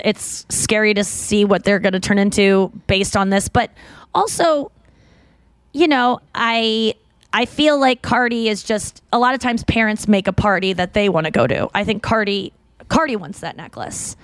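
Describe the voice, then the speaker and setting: A woman's voice: mid-range voice, moderate pace, no room sound. A woman hosting a podcast, chatting casually and rambling with lots of fillers and restarts. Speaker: podcast host. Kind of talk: casual chat.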